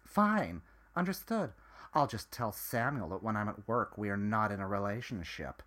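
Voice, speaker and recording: A man's voice: fairly low pitch, expressive, normal speed, a bit bright. A man voicing a young hotel worker with a dry, sarcastic manner.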